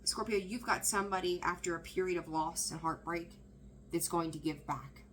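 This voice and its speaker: A woman giving a casual, excitable tarot reading, chatting and laughing as she breaks off mid-sentence. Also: fairly low pitch, normal speed, a little hiss or hum, rough recording. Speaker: tarot reader.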